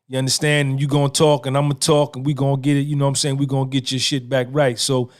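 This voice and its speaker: A man's voice: medium pitch, level tone, fast. A man, hosting his own podcast in a casual monologue, emphatic and repetitive, firing off rhetorical questions. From New Jersey. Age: 50s. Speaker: podcast host.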